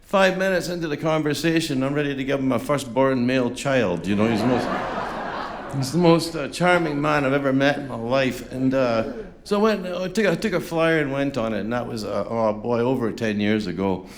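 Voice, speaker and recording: A man's voice: mid-range voice, a little fast, slight background noise. A man chatting between songs at a folk concert, rambling and self-deprecating with lots of fillers, on a stage microphone. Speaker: folk singer-songwriter. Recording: live concert with faint music behind.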